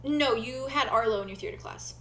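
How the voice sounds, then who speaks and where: A woman's voice: a little high, brisk, crowd noise. A woman running a tabletop game as game master, narrating in a rambling way and searching for words with many fillers.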